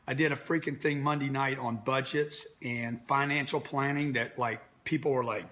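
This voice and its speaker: A man's voice: mid-range voice, steady tone, moderate pace, few pauses, pushed and bright, a little hiss or hum. A man in his fifties hosting a nightly livestream as a business coach, talking in a brash, direct, salesy way. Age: 50s. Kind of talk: motivational livestream talk.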